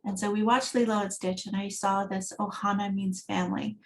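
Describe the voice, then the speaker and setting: A woman's voice: mid-range voice, flat delivery, fairly quick. A woman giving an accessibility talk at a design meetup, speaking in a conversational, storytelling manner. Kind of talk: conference talk.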